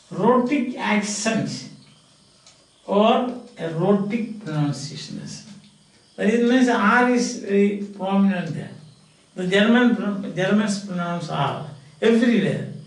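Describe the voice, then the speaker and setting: Slow-lecturing man in an echoey classroom. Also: high-pitched. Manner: slow, repetitive, drilling example words aloud. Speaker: English phonetics teacher. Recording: roomy classroom echo, mic far off.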